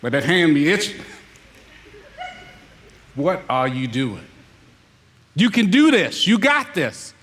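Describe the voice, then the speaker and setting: A man preaching with a high, bright, forceful voice, hammering his points with repetition and rhetorical questions. The sound carries a long hall reverb. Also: big pitch swings, slow pace, long pauses, husky. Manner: mimics lazy excuses in put-on voices. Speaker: elder preaching. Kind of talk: sermon.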